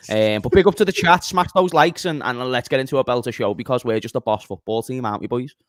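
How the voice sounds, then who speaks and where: A man with a London accent, speaking as a football panelist on a video call. His delivery is laid-back and full of banter, in a mid-pitched voice. The sound is dry and close, with no room echo. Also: fast. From Liverpool, England. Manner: laid-back, jokey banter with local slang. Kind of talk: casual football chat.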